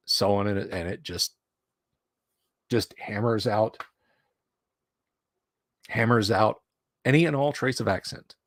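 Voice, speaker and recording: A man from the US South, hosting a relaxed livestream chat and rambling conversationally with many pauses and restarts. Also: on the low side, creaky, no echo, clean studio sound. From Alabama, US South. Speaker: streamer host. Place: home studio room.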